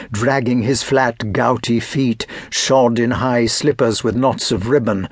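A man narrating a classic novel as an audiobook, measured and expressive. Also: mid-range voice, dry recording, clean studio sound.

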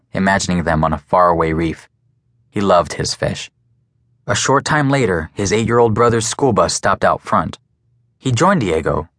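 A man narrating an audiobook in a measured, even storytelling manner, close to the mic. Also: low-pitched, no echo. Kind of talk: scripted narration.

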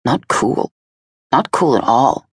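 A woman's voice: very deep voice, lively intonation, slow, breathy edge, no room sound, clean studio sound, exaggerated voice. A woman voicing a frustrated young professional woman who mutters sarcastically to herself, in an audiobook. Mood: sarcastic.

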